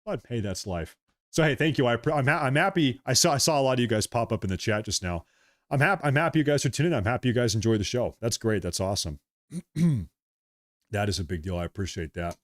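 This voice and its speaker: A man's voice: medium pitch, lively intonation, quick pace, no echo, clean studio sound. A man hosting a livestream in a casual, rambling way, reading out viewer messages and thanking them again and again. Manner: rambling, repeats himself, frequent thanks. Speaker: livestream host. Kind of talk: casual livestream chat reading super chats.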